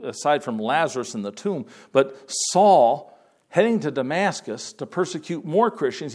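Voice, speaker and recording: A man's voice: a little high, darkish tone. A middle-aged man preaching a sermon in a conversational way, acting out quoted lines in raised voices. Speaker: pastor.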